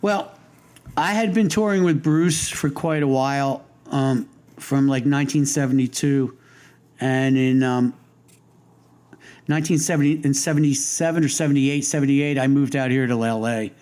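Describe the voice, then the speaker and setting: An older man, a guest in a casual interview, tells long stories in a rambling, amused way and often restarts his sentences. His voice is medium in pitch and somewhat dark, with a moderate pace.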